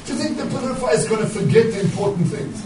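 A high-voiced man preaches a fervent sermon, pressing his points and checking in with the congregation after each one. He sounds distant in an echoing church, with music playing beneath him. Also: expressive, very fast, crowd noise. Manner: impassioned, rhetorical, checks in with 'yeah?'. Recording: echoey room from far off, music underneath.

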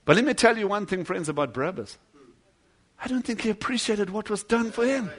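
Preaching briskly, a man tells a sermon story with dramatic shifts from loud declamation to hushed low passages, voicing the quoted lines of its characters.

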